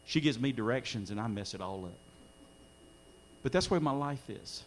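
A man's voice: medium pitch, lively intonation, normal speed, a little hiss or hum. A middle-aged man preaching a sermon in a church, earnest, his voice swelling when he quotes scripture. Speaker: pastor. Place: church sanctuary during a live-streamed service.

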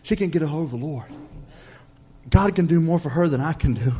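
Male pastor, slightly high voice, emphatic call-and-response sermon delivery. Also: fairly quick, breathy edge. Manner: preacherly, repetitive cadence with call-and-response "Amen?"; swings from loud emphatic lines to soft hushed ones.

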